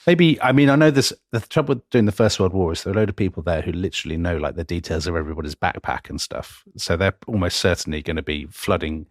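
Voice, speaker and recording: A man's voice: low voice, fast talker, hardly any pauses, dry recording, clean studio sound. A man co-hosting a history podcast, retelling events dramatically with frequent laughs. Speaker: podcast co-host. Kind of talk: casual history podcast storytelling.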